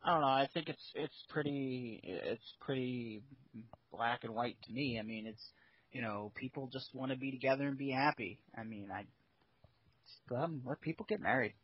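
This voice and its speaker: A man's voice: mid-range voice, normal speed, breathy edge, dry recording, muffled recording. A man taking part in a casual group chat, laid-back and joking. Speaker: chat guest.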